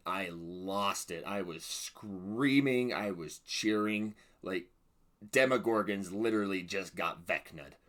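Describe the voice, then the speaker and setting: A man reviewing a show for his reaction channel, speaking in a lowish, forceful voice. He is excitable and keeps bursting into loud exclamations.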